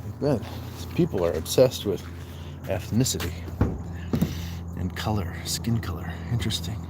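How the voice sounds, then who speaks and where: A man's voice: fairly low pitch, moderate pace, heavy background noise. A man from the Southwest United States hosting a casual livestream, reading viewer comments aloud and answering them with playful, bantering asides. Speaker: livestream host. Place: outdoors on a walk.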